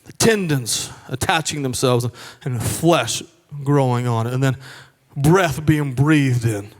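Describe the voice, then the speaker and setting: A male pastor preaching a sermon in a conversational style, moving between hushed and raised delivery. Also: medium pitch, slow pace, big-room sound. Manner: conversational asides and restarts.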